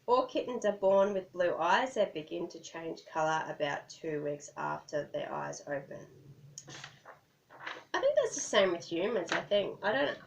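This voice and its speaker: A woman's voice: deep voice, vocal fry, a little hiss or hum. An Australian woman vlogger chatting casually to camera, rambling and self-deprecating, often laughing. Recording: dull lo-fi, distant mic.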